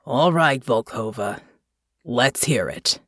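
A gruff, weary bear-morph captain, as a female audiobook narrator puts him on, low and slow, drawling his words out with blunt exasperation. His voice swings widely in pitch, and the dry studio sound keeps it close. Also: animated, no room sound, full character voice. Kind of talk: audiobook character voice.

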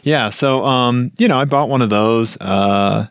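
A man co-hosting a podcast, chatting casually in a rambling, filler-heavy way with excited asides. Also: mid-range voice, unhurried, clear, resonant tone, no room sound. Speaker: podcast co-host. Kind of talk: casual aftershow chat.

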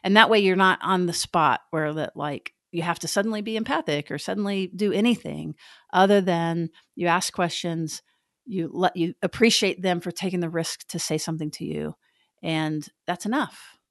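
A woman therapist co-hosting a podcast, giving frank, animated advice in a casual conversational way. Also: fairly low pitch, moderate pace, no echo, clean studio sound. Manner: frank, animated, self-deprecating.

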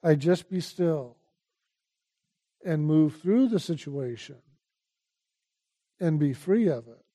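An older man, speaking as a teacher, gives a calm and unhurried spiritual talk in a fairly high voice, repeatedly urging his listeners to pay attention.

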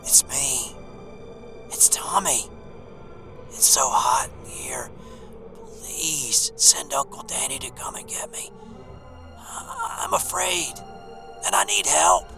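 A man voicing the ghost of a young father who is burning and pleading in agony, yelling and crying. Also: medium pitch, wildly swooping pitch, slow, creaky, long pauses, music in the background, pitched above the performer's own voice, heavily acted. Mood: agonized pleading.

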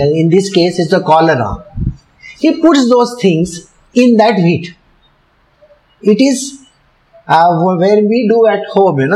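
A teacher explaining a devotional book, this man has a high-pitched, somewhat mellow voice and an Indian English accent, heard on a low-quality recording. He recounts a devotional story, patiently unpacks its terms, and chuckles regularly as he goes.

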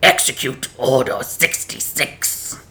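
A man doing a croaking old emperor villain. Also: mid-range voice, pushed and bright, full character voice. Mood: menacing. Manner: slow, strained gravelly rasp.

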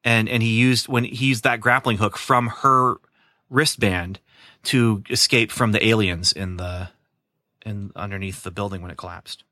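A man hosts a relaxed podcast conversation with a bright, ringing voice. He is chatty and enthusiastic, laughing easily between thoughts. The recording is close and dry. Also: lowish voice, normal speed, dry recording. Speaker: podcast host. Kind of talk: casual podcast chat.

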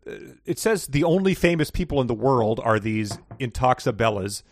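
A man's voice: medium pitch, expressive, moderate pace, slight background noise. A man co-hosting a casual book podcast, talking in a wry, rambling way with frequent laughs. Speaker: podcast co-host.

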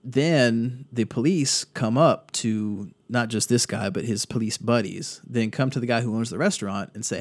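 A man hosts a podcast and runs through news stories in a sardonic, blunt way, swearing freely and reading quotes aloud. His voice sits at an ordinary middle pitch for a man. The recording is dry and close, with no room sound. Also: normal speed, hardly any pauses, no echo. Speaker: podcast host. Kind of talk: casual news commentary.

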